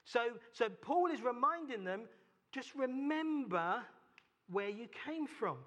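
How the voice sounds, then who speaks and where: A man's voice: extremely high pitch, lively intonation, slow pace, pushed and bright. A man with a London accent preaching a sermon, emphatic and repetitive, asking rhetorical questions. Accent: London English. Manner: emphatic, repeats key phrases, rhetorical questions. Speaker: pastor.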